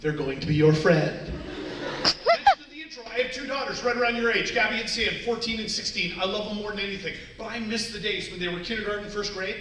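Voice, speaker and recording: A Canadian motivational speaker in his forties gives a playful, jokey talk to students from a stage in a large hall, acting out little scenes. His voice sits high and is animated and quick, with background noise, and the mic picks him up from far off in the echoey hall.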